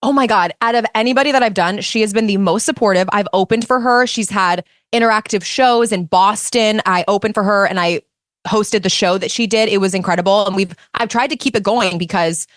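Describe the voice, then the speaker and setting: A woman in her thirties, a comedian and impressionist, telling stories as a guest in animated, quick casual chat. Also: mid-range voice, no room sound, clean studio sound. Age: 30s.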